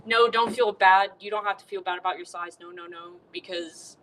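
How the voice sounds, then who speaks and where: A woman's voice: mid-range voice, fairly even intonation, moderate pace, a bit bright, slight background noise, lightly acted, rough recording. A woman voicing an earnest, polite male cowboy who uses folksy exclamations.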